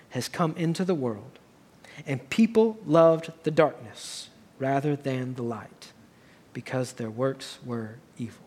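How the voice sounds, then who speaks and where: A man preaching a sermon as pastor, earnest, building to raised emphatic passages. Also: fairly high pitch.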